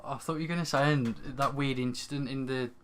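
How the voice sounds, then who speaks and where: A man's voice: mid-range voice, fairly even intonation, fast, fairly bright tone, slight background noise. A young man co-hosting a podcast, telling stories in casual chat with hesitant restarts. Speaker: podcast co-host.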